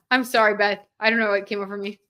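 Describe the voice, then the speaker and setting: A young woman with a medium-pitched, steady voice hosts a livestream tarot reading at normal speed, her tone pushed and bright. She chats casually, reads viewer comments aloud, and uses lots of "like" fillers.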